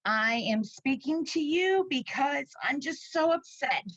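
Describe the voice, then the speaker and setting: A woman's voice: high-pitched, animated, unhurried, fairly bright tone, no room sound, dull audio. A woman in her forties, a parent and teacher, crying as she gives an emotional public comment at a meeting. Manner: tearful, pleading, shaky.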